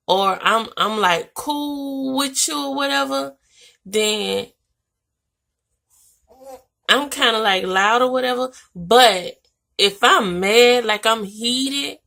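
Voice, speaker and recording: Chatty young woman with a gravelly edge. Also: a little high. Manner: animated, chatty, with "like" and "y'all" fillers. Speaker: vlogger. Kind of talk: casual storytelling to camera.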